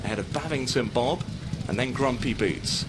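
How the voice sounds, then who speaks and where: A man's voice: mid-range voice, moderate pace, heavy background noise. Man calling a horse race. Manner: steady running call of the field. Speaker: horse racing commentator. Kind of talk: live race commentary.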